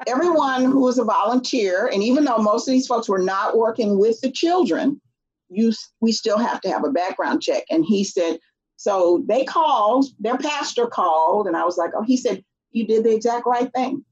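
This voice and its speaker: A middle-aged woman appears as a guest in a relaxed interview, animatedly telling a story and acting out the voices of the people she quotes. Her fairly high voice is a little husky and moves at normal speed, captured on a dull, lo-fi recording.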